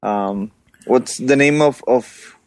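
Slow-talking guy playing a tabletop game, lots of ums, dry sound. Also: mid-range voice, no echo. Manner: hesitant, many "um" and "uh". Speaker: player. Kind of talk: casual tabletop game play.

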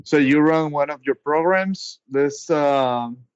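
A man narrating as game master of a tabletop game over an online call, measured and hesitant, with frequent ums. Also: on the high side, smooth, lo-fi sound.

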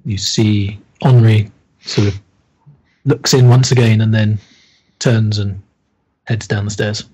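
A very husky male game master who takes his time. He narrates a tabletop horror game in a hesitant, halting way, full of ums. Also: on the low side, level tone, darkish tone, highs cut off.

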